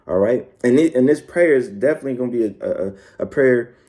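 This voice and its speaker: A man's voice: mid-range voice, warm tone. A man teaching scripture in a loose, casual way, ending his phrases with "all right" and "man", with many fillers and restarts. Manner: reads verses slowly. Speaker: preacher.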